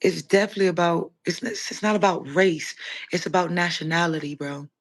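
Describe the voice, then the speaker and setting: A woman's voice: on the low side, fairly quick. Blunt woman streamer chatting with viewers. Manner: blunt, opinionated, talks straight to chat. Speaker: livestream host. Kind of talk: casual livestream chat, answering viewers.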